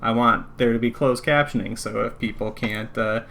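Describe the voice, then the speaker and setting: A man's voice: mid-range voice, fairly even intonation, normal speed, gravelly, pushed and bright, slight background noise. A man in casual chat on a voice call, ranting and swearing in exasperation. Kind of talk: casual pre-show chat.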